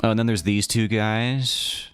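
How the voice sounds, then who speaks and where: Low-voiced man casually chatting on stream. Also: fairly even intonation, a little slow, clear, resonant tone, faint music behind. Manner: rambling, playful and self-mocking. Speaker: livestreamer. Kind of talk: casual chat with a live chat.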